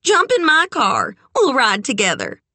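A woman voicing a brash, bubbly young woman who talks loud, high and gushing. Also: huge pitch swings, unhurried, no echo, exaggerated voice.

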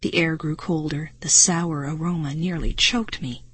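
A woman's voice: deep voice, fairly even intonation, moderate pace, fairly bright tone, husky, no echo. A woman narrating a first-person children's adventure story in a suspenseful, dramatic reading voice. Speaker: audiobook narrator.

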